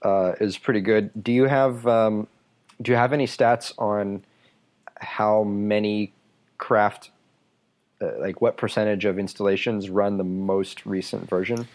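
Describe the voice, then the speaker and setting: A man's voice: on the low side, steady tone, a little slow, a little mellow. A man from Texas with a Texan accent, hosting a casual podcast chat in a laid-back, self-deprecating way. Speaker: podcast host.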